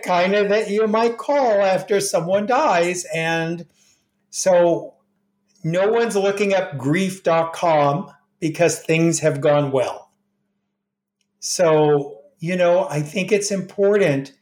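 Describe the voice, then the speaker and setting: A middle-aged man speaks slowly and gently, telling stories from his work and slipping into the voices of the people he quotes. His voice carries a roomy echo around it. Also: fairly high pitch. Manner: gentle, unhurried anecdotes with quoted dialogue. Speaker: grief expert guest. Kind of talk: storytelling in conversation.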